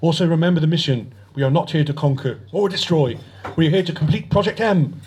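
A man voicing a harsh, domineering male alien navigator who barks orders and rises to shouts. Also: a little high, fast talker, a little hiss or hum, voice pushed up, close to an everyday voice. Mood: commanding. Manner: barking orders, rising to shouts.

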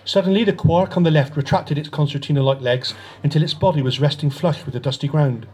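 A man narrates a sci-fi adventure in a husky voice. He reads steadily and plainly, occasionally tripping over a word and correcting himself. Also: a little high, quick pace, soft background music. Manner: steady reading with occasional slips. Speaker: reader. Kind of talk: audiobook narration.

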